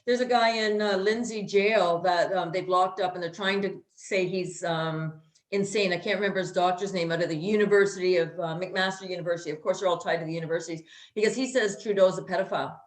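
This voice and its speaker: A woman's voice: on the low side, fairly even intonation, fairly quick, reverberant. A woman co-hosting a casual chat who rants bluntly and swears freely. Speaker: co-host.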